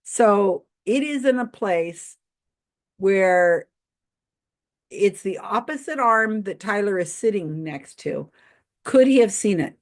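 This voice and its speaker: Medium in pitch but slow in pace, this livestream host keeps her intonation lively. She laughs often and sounds doubtful as she chats through viewers' comments.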